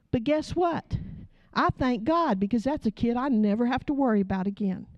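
A woman's voice: high-pitched, animated, moderate pace, mellow, no echo. A middle-aged woman, a pastor's wife preaching a sermon through emotional storytelling and pleading.

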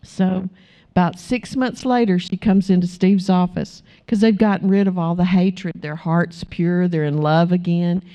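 A pastor's wife with a lowish voice preaches a little slowly, weaving stories into her sermon and lively acting out the voices of those involved. The audio is lo-fi and slightly dull.

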